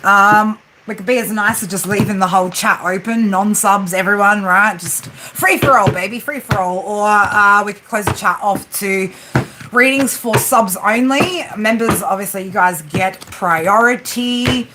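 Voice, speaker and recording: A woman's voice: mid-range voice, measured pace, background noise. An Australian woman in her forties chatting casually on a livestream as a tarot reader, joking and tagging her sentences with "right?". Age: 40s. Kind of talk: casual live-stream chat. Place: room with a flat roof. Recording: steady rain drumming behind her. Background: rain on the roof.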